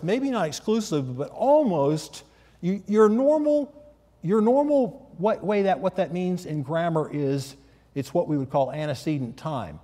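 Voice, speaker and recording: A man gives a Bible teaching sermon, talking with his listeners rather than at them and checking in with quick questions. His voice sits a little high for a man. The sound rings on in a large reverberant hall. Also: mellow. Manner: conversational, asks the listeners questions. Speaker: preacher.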